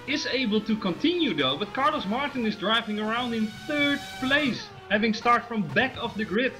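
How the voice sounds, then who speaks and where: A man's voice: very high-pitched, lively intonation, normal speed, over music, poor audio. A man co-commentating a live race, hesitant with lots of fillers and restarts, laughing easily. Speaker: sim racing co-commentator.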